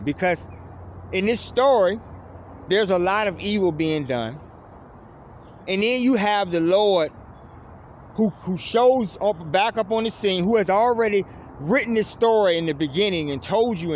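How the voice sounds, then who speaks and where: An impassioned male preacher delivers a fervent spiritual monologue to online viewers, animated throughout. He ends nearly every phrase with "folks," his voice dropping low on the word, while faint urban noise sounds in the background.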